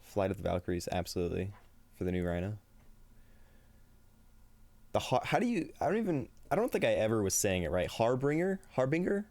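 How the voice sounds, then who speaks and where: A tired, upbeat man chats casually to his livestream audience in a lowish voice, laughing often. His pitch swings animatedly from line to line. The sound is close and dry, with no room echo. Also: expressive, a little fast, long pauses, a little mellow. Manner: upbeat, laughs often, reads chat aloud. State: tired and a little shaky. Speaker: streamer.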